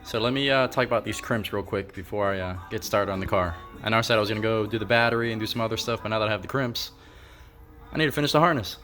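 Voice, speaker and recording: Low-voiced casual man vlogging his build. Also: fast, a bit bright, faint music behind. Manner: casual, offhand, thinks aloud with fillers. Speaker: car project vlogger. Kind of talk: casual workshop vlog.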